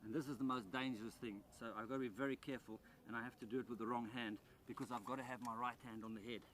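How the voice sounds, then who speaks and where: A man presenting a wildlife documentary outdoors in rice fields, animated and excited, dropping to a hushed voice near the animal. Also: medium pitch, quick pace, slight background noise.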